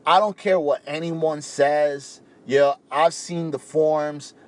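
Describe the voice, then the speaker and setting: A young man from the Caribbean, rambling in a casual, animated talk to camera and peppering his speech with "you know". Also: on the high side, takes it slowly. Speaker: vegan speaker.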